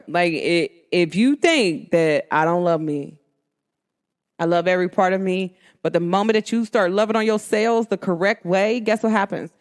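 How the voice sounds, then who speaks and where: A young woman with a New Jersey–New York accent hosting a solo podcast, talking in an animated, emphatic and slangy way. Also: on the high side. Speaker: podcast host. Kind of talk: casual solo podcast monologue.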